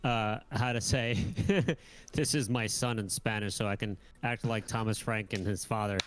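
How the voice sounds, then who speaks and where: Man, podcast co-host, lower pitch, joking, laughs a lot. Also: fairly even intonation, soft background music. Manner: joking, laughs often, halting questions. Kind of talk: casual chat.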